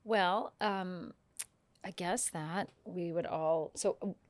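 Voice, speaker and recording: A woman, an etiquette expert guest on a talk show, telling stories in an animated way and acting out the quotes. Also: fairly low pitch, very slow, dry recording. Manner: animated storyteller, acts out quotes. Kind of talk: casual chat.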